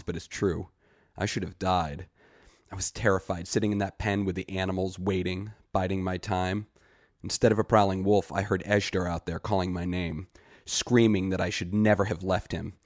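Low-voiced guy playing a scared desperate young villager, earnest and pleading, dry close mic. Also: level tone, moderate pace, no echo.

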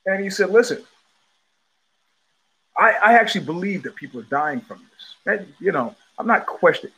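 A middle-aged man hosting his own live show from home, talking in loose digressions with frequent restarts, blunt profanity and quick laughs. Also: high voice, expressive, bright, forceful tone, poor audio. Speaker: podcast host. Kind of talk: rambling live-stream monologue.

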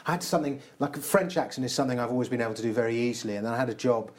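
Fast-talking voice-over man. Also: mid-range voice. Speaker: voice-over artist and interviewer. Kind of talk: casual conversation.

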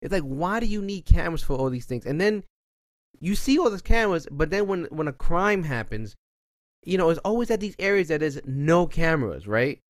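A man's voice: on the high side, fairly quick, no echo, clean studio sound. Rambling swearing New man. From the Bronx, New York. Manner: rambling, swears freely, animated asides. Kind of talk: casual podcast chat.

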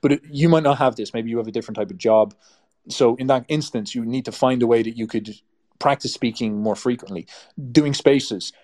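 A man's voice: medium pitch, fairly quick, darkish tone. An Irish man giving a blunt, profane advice monologue to camera, with a strongly musical, up-and-down intonation. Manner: blunt, emphatic and profane, ranting. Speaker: YouTube host.

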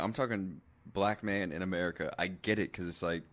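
A man with a low, steady voice rants through a casual podcast conversation. He talks with animation, swearing freely and slipping into mimicked voices for the people he quotes. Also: fairly quick, hardly any pauses. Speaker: podcast guest. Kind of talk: casual chat.

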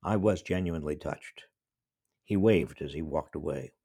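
A man's voice: extremely low pitch, moderate pace, creaky, dark tone, slightly rough, no room sound. A man in his seventies from small-town New York, a professor telling a wry, reflective personal story. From small-town New York State. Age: 70s. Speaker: professor and commentator. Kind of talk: storytelling monologue.

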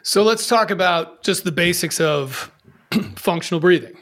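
Male podcast host, gravelly and a bit higher-pitched, casual. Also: measured pace, fairly bright tone. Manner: brief affirmations, casual. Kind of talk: podcast interview.

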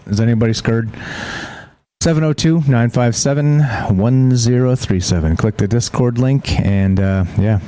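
Dark-voiced rambling male stream host. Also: medium pitch, normal speed, clear, resonant tone. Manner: rambling, reads articles aloud with asides. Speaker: show host. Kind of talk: casual live-stream news chat.

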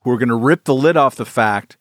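A man co-hosting a podcast, tossing in wry asides that sometimes drop to a low mumble. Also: fairly quick, a bit bright, no room sound, studio quality. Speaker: podcast co-host. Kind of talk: casual chat.

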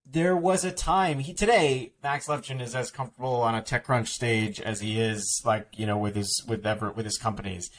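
A man's voice: mid-range voice, normal speed, hardly any pauses, a little hiss or hum. A man talking as an author guest in a podcast interview, explaining at length with many restarts and filler words.

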